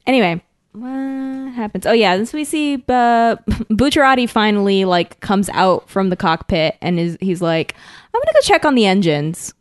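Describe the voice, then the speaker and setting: A woman chats through a story recap at an ordinary pitch, jumping into the characters' voices as she goes. The sound is dry and close. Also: moderate pace, dry recording. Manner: animated retelling, acting out characters' lines with laughs. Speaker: podcast co-host recapping an episode. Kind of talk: casual chat.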